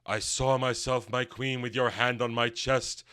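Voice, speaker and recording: A man putting on a low, mumbling, mock-solemn voice as a stern, weary nobleman. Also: little pitch movement, measured pace, pushed and bright.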